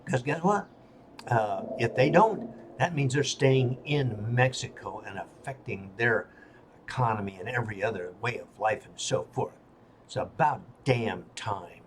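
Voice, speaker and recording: Older man, angry rant, blunt, halting fillers, faint background hiss. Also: fairly low pitch. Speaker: political vlogger. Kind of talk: ranting monologue.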